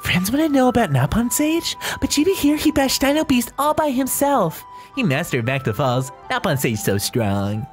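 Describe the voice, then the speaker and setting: A man's voice: very high voice, sing-song, normal speed, faint music behind, voice pushed up. A man voicing a small, boastful male creature hero who talks in broken, childlike sentences. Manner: broken childlike speech, bouncy. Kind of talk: reading game dialogue in voices.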